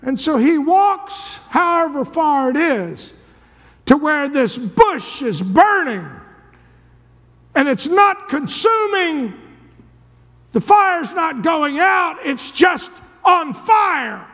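A male preacher telling a story dramatically in a sermon, dropping to a hush and then rising to a shout. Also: very high-pitched, sing-song, takes it slowly. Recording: long reverb of a large hall.

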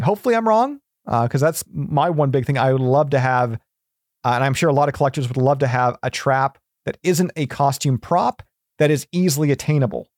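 A man's voice: mid-range voice, darkish tone, no room sound. Rambling man with a dry close sound. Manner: rambling, lots of fillers and restarts. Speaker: podcast guest. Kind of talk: casual chat.

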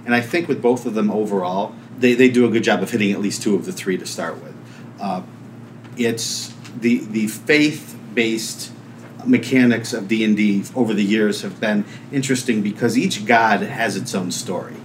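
A man on a podcast panel, talking through ideas in a measured, analytical way. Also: on the low side, slight background noise. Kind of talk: casual podcast discussion.

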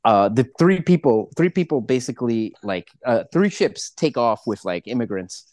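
A man's voice: medium pitch, animated, normal speed, darkish tone, dry recording, studio quality. Rambling, swearing man on a podcast. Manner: rambling, swears a lot, many restarts. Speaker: podcast co-host. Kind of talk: casual chat.

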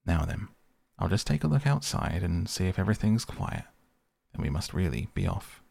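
A man's voice: low voice, sing-song, normal speed, gravelly, a little mellow, breathy edge, no echo, exaggerated voice. A man voicing a brave, good-natured water rat who speaks in a reassuring, hearty way. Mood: brisk.

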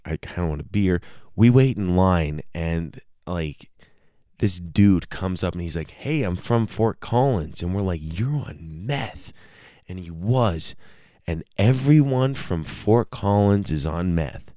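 A man's voice: sits low, darkish tone, smooth, no echo, studio quality. A young man telling a rambling, profane comic story on his own podcast, often breaking off to joke with listeners. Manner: rambling, self-interrupting, profane. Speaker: solo podcast host. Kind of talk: casual comedic storytelling.

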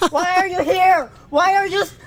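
A man's voice: extremely high pitch, takes it slowly, a bit bright. A crying man pleading in a played video clip, asking again and again to be left alone. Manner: pleading, plaintive.

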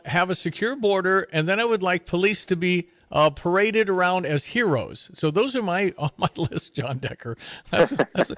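A man's voice: sits high, big pitch swings, moderate pace, a bit bright, no room sound. A man hosting a morning radio show, talking casually and giving his opinions, with many stumbles and restarts.

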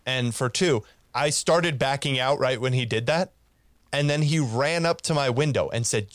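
Man, mid pitch, casual storyteller who acts out quotes, dry close sound. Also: moderate pace, dry recording. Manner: animated, laughs while telling, acts out quoted lines.

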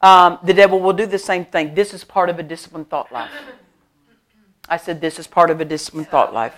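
A middle-aged woman pastor preaching a sermon at a church service. She tells stories with lively emphasis, laughs often, and repeats her key phrases. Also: fairly low pitch, fairly quick. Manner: animated storytelling with frequent laughter.

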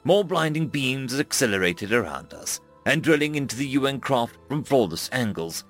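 A man narrating a first-person science-fiction story with dramatic, expressive delivery. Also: mid-range voice, moderate pace, faint music behind.

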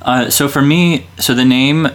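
A man's voice: medium pitch, measured pace. A man in his thirties, a friar, talking casually in an interview, rambling with lots of fillers and restarts and laughing easily. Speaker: Dominican friar guest.

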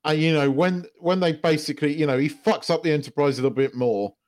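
A man's voice: on the high side, fast, a little mellow, no echo, clean studio sound. A man co-hosting a podcast, chatting casually about films, swearing freely and acting out quoted lines. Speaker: podcast co-host. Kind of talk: casual film discussion.

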